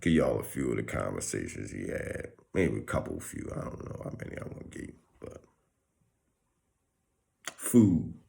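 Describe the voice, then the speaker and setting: A man's voice: extremely low pitch, normal speed, creaky, long pauses. A man vlogger in a casual, slangy monologue, acting out bits of conversation as he goes. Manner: animated, slangy, acts out conversations.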